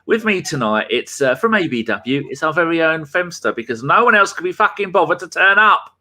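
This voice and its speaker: A man's voice: a little high, very animated, a little fast, sharp tone. A man hosting a podcast in casual chat, full of rambling banter. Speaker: podcast host.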